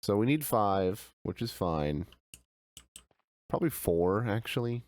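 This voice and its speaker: A man's voice: on the low side, lively intonation, takes it slowly, a little mellow, dry recording. A man streaming a game, chatting casually and easygoing, answering his chat with frequent laughs.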